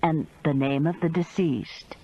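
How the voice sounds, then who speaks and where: Woman playing a brisk emergency operator. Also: sits low, steady tone, warm tone, slightly rough, dull audio, voice pushed down, exaggerated voice. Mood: reassuring. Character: businesslike female emergency operator.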